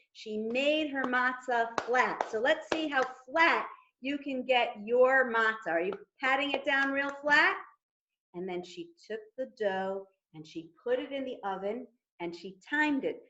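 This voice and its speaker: Slow, gentle woman telling a tale to toddlers. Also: a little high. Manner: gentle, invites children to act along. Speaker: rabbi. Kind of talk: storytelling for toddlers. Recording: dull lo-fi recording.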